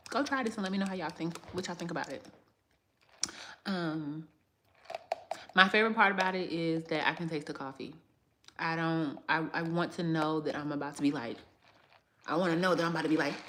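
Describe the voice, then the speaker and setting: A woman chats and rambles straight to her livestream viewers, her voice sitting on the low side. She is recording in a small salon that gives the sound a noticeable echo. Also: brisk, pauses often, fairly bright tone, slight background noise. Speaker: hairstylist and salon owner hosting a livestream. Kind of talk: casual livestream chat with viewers. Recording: echoey salon room.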